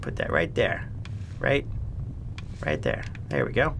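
A young man giving casual commentary while he plays a video game. He gets excitable, talks to the characters on screen and repeats phrases. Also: deep voice, measured pace, creaky, slight background noise. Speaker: let's play host.

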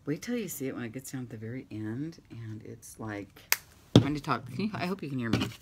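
A very deep, brisk voice with lively intonation belongs to a middle-aged woman who vlogs about crafts; she chats while painting at home, rambling, teasing herself and slipping into whispers at times. Loud sanding, rubbing and clicking sounds dominate the background of her craft room, where the window is open.

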